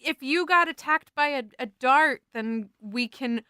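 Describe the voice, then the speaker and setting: A woman playing a tabletop game in character, sarcastic and quick, stumbling when rushed. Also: high voice, bright, forceful tone, dry recording, studio quality. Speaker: player. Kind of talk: casual in-character play.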